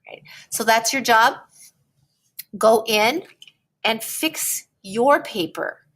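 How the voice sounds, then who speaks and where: A woman teacher explaining a writing lesson in a slow, patient way, often checking in with "okay?". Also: medium pitch, fairly bright tone.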